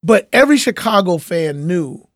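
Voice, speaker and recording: A man's voice: sits high, big pitch swings, moderate pace, no echo, studio quality. A man in casual chat who teases and laughs along with the others.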